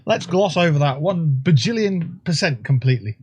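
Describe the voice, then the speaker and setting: A man's voice: a little high, normal speed, husky. A man hosting a game livestream, riffing in a profane, jokey way. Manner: profane, jokey, bursts into excited whoops. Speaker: livestream gamer host. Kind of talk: casual gameplay commentary.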